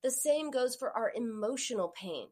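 A woman in her forties hosting an advice talk, speaking straight to the listener and acting out the voices in her stories with big jumps in pitch. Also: normal speed, breathy edge. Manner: animated storyteller, acts out quoted voices with sharp pitch jumps. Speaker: host giving advice on emotional eating.

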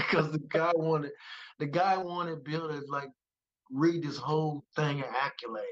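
A man from West Virginia, a musician, chatting casually and telling animated stories, often breaking into laughter. His voice is slightly high. The sound is a little dull and lo-fi. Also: a little slow. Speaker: musician guest. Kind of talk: casual conversation.

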